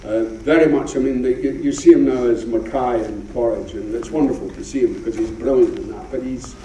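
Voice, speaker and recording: Speaking a little fast in a mellow, mid-range voice, a Scottish guest actor in his seventies rambles through anecdotes during an on-stage interview before an audience. It's a roomy, distant live theatre recording carrying a little hiss or hum.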